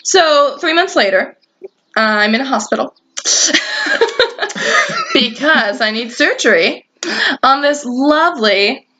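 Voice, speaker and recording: Woman guest, casual storyteller, lively delivery that acts out the people she quotes, slightly high voice. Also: slow, pauses often, a little hiss or hum. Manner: animated, acts out quoted voices, laughs often.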